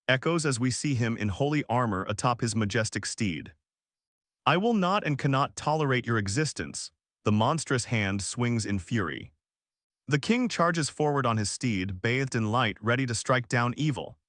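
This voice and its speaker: A man's voice: mid-range voice, fairly bright tone, dry recording. Man narrating in a dry, close voice. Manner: dramatic narration with rhetorical questions. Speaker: recap narrator. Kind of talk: scripted narration.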